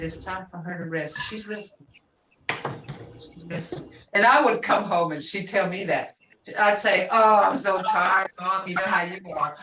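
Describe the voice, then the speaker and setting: An older woman teaching a language class, unhurried and reminiscing, often laughing as she talks. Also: on the low side, pushed and bright. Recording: echoey room, distant mic, faint noise.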